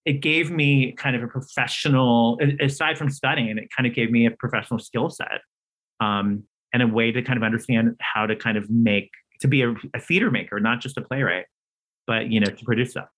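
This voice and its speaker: A man's voice: a little fast, poor audio. A man, a playwright and screenwriter, telling stories casually as an interview guest, talking freely with many restarts. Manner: animated storyteller, acts out quoted dialogue with big pitch jumps; talkative, many fillers and restarts.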